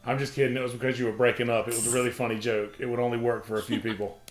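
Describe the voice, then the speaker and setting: A man's voice: medium pitch, level tone, racing, soft background music. A man hosting a casual livestream chat, joking and rambling with lots of fillers. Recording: roomy echo.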